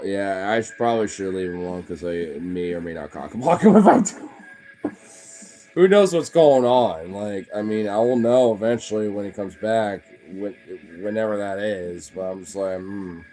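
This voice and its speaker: A man's voice: fairly low pitch, warm tone, slight background noise. A young man streaming casually from home, cooing baby talk at his pets and swearing freely. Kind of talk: casual live-stream chat.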